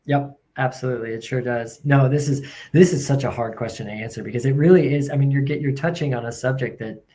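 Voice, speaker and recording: A man's voice: mid-range voice, quick pace, dark tone. Hesitant man explaining in plain terms. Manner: hesitant, restarts often, explains with analogies. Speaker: pediatrician guest. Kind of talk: casual podcast conversation.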